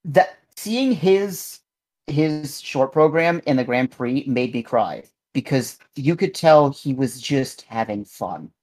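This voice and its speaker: Brief: male podcast co-host, earnest, rambling, mid-pitched, casual chat. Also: animated, slow pace, a little mellow. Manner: rambling, earnest, frequent restarts.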